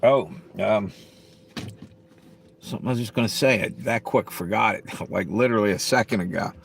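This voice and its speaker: A man's voice: fairly low pitch, moderate pace, creaky. A middle-aged man live-streaming, chatting casually with viewers in a blunt, profane, rambling way. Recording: faint background noise.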